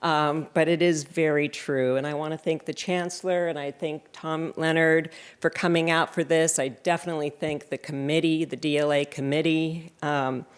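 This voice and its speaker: Woman around fifty, dry jokey thank-you speech, lowish voice, library reception. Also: steady tone, normal speed, hardly any pauses, clear, resonant tone. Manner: sarcastic, self-deprecating humor. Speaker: award recipient giving thanks. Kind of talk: acceptance speech.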